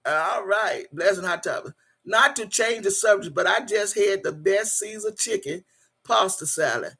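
A woman's voice: medium pitch, big pitch swings, normal speed, creaky, fairly bright tone, husky. A woman hosting a casual livestream. She reads viewer comments aloud, laughs often and calls the viewers "y'all". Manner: urges viewers to like and subscribe. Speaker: channel host.

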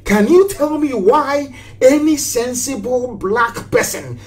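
Impassioned man, high voice. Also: lively intonation, takes it slowly. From southeastern Nigeria. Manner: impassioned and preachy, hammering rhetorical questions and repetitions. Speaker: political activist broadcaster. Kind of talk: live broadcast speech.

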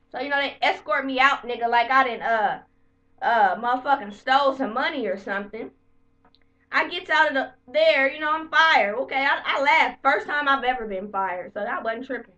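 A woman vlogger telling the story of her bad day to camera in a heated, profane, animated way. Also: high-pitched, brisk, distant mic, rough recording. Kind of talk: casual storytelling rant to camera.

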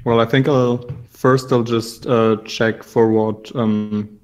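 A man's voice: mid-range voice, little pitch movement, takes it slowly, a little mellow, faint music behind. A man playing a tabletop game, talking casually and hesitantly. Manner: unsure, rambling. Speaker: player.

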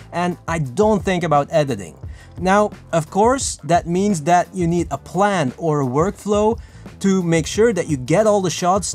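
A man giving casual, lively filmmaking tips to camera, chatty and self-mocking. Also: high-pitched. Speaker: filmmaking vlogger. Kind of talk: casual tutorial talk to camera.

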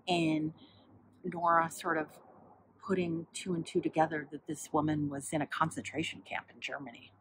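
A woman's voice: deep voice, fairly even intonation, moderate pace, slight background noise, low-quality recording. A woman chatting casually about a book she read, rambling with many fillers as she flips through its pages to find examples. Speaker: book vlogger.

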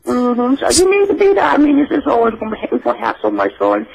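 A man's voice: very high-pitched, sing-song, quick pace, creaky, a little mellow, highs cut off, slight background noise, heavily acted. A man playing a churchy elderly grandmother who calls everyone sugar and keeps calling on the Lord. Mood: preachy. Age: older. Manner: effusive, preachy, exclaims Lord and Jesus. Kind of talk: comic call-in character bit.

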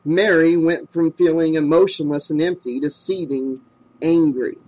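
A man narrating a horror novel in a steady, measured reading voice. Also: a little high. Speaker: audiobook narrator. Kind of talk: scripted narration.

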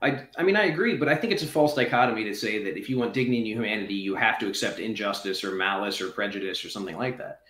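A man's voice: lowish voice, rapid-fire, hardly any pauses, fairly bright tone. A man who is a former prisoner, guest in a conversational interview, arguing in an articulate, reasoned way. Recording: roomy echo.

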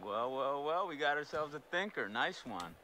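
A man's voice: fairly high pitch, sing-song, moderate pace, pushed and bright. An actor playing a cocky, crude young man who mocks his friend in a video game. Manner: mocking, boastful. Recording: game audio with background noise.

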